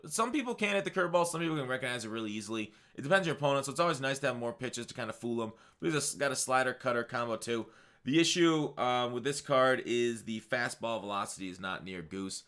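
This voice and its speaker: A man with a mid-range, slightly bright voice and lively intonation talks quickly while hosting a gaming channel. He's hiccuping as he rambles casually through his picks, piling on fillers, restarts, and self-corrections.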